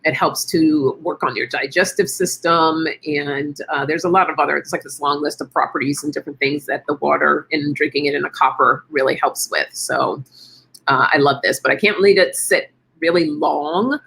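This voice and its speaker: A woman's voice: low voice, steady tone, normal speed, gravelly, fairly bright tone, breathy edge. A middle-aged woman hosting a casual wellness chat stream, chatty and encouraging, thinking aloud as she answers viewers. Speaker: live stream host.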